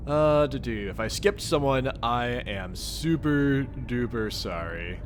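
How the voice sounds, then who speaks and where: This young livestream host, Midwestern American by accent, reads a webcomic and greets his audience in a playful, goofy, cheerful manner. He talks slowly with few pauses, his medium-pitched voice full of lively intonation, and there's slight background noise.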